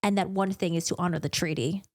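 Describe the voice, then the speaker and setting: A woman voicing a menacing male beast creature who speaks slowly and flatly, making stern demands. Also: high voice, voice pushed down, close to an everyday voice.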